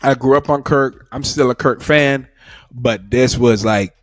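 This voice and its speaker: A man's voice: mid-range voice, unhurried, dry recording, studio quality, faint music behind. A man co-hosting a casual reaction chat, speaking emphatically and often breaking off and restarting his phrases. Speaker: co-host of a reaction show.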